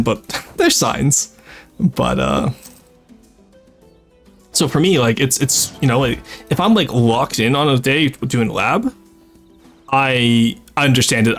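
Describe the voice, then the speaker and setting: This French Canadian man has a mid-range voice with a fairly bright tone. He's streaming a strategy game, chatting and rambling, cursing freely and laughing often. The talk is a laid-back live stream with game commentary.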